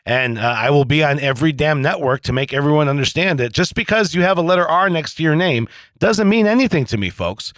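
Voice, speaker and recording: A man's voice: on the high side, animated, brisk, a bit bright, dry recording. A man hosting a political podcast interview, talking bluntly and animatedly with plenty of profanity. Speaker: podcast host.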